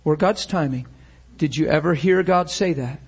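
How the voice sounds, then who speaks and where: A man preaching with fervor, firing rhetorical questions at his listeners. His voice sits on the higher side and has a husky, slightly rough edge. He acts out the scenes he describes as he tells them. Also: normal speed. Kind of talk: sermon.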